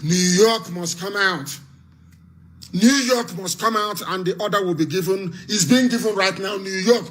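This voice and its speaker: A man's voice: sits high, measured pace, a bit bright. A man from Nigeria with a Nigerian accent, giving a fiery, repetitive live radio address as an activist broadcaster.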